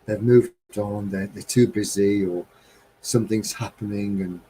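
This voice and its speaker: A middle-aged man from England talks to his live stream viewers in a low, mellow voice. His delivery is heartfelt and wistful. He rambles, losing his thread now and then. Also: steady tone, unhurried, a little hiss or hum, low-quality recording. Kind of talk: reflective casual monologue.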